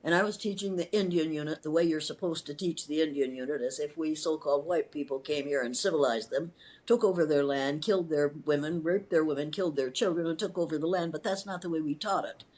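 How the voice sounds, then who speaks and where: A woman's voice: low voice, quick pace, darkish tone. An older woman from Iowa, a retired schoolteacher telling her story in an interview, impassioned and emphatic, repeating words and restarting sentences. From Iowa, USA.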